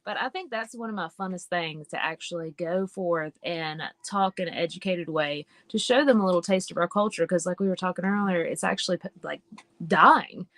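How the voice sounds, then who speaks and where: A woman with an Appalachian accent, a guest chatting in a casual interview over a video call, lively and laughing as she tells stories. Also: fairly low pitch, a little fast, dry recording. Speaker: guest witch and healer.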